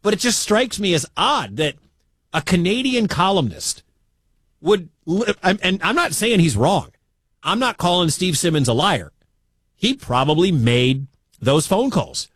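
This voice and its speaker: A man from the American Midwest hosting a sports talk radio show, his voice swinging up and down as he reacts in disbelief. He talks in a slightly higher register, with quick asides to his listeners. His voice is dry and close, recorded on a studio mic. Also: slightly rough, dry recording. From Midwestern United States. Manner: animated, incredulous, quick asides.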